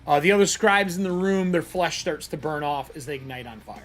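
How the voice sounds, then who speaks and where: A man's voice: on the high side, fairly quick, fairly bright tone, faint music behind. A man running a live tabletop game as game master, teasing and sarcastic with his players.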